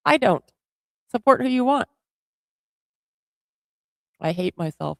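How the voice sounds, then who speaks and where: A woman's voice: mid-range voice, lively intonation, measured pace, vocal fry, long pauses, dry recording. Woman, livestream co-host, blunt, defiant, casual chat, dry sound.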